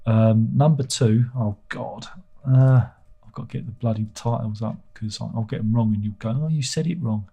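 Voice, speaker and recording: A man's voice: on the low side, level tone, moderate pace, mellow, dull audio. A man hosting a livestream, reading out viewer comments in a rambling, self-deprecating way and swearing casually. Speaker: livestream host.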